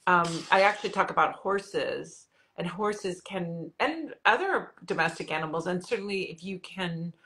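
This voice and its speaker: A woman hosting a podcast, warmly enthusiastic and quick to affirm her guest, with frequent laughter. Her voice sits somewhat low. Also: animated. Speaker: podcast host and author. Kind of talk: casual interview conversation.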